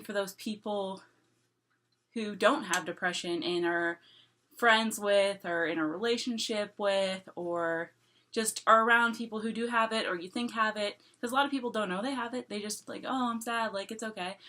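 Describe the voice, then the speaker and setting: A woman's voice: medium pitch, bright, forceful tone. A woman vlogger talking casually to camera, rambling and repeating herself, with lots of "like" and small laughs between thoughts.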